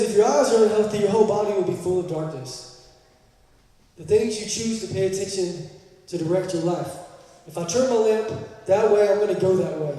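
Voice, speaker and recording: A man's voice: high-pitched, warm tone. A man preaching a sermon as pastor, conversational and emphatic, with joking asides and repeated key phrases. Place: large church hall. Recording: echoey church hall, mic far off.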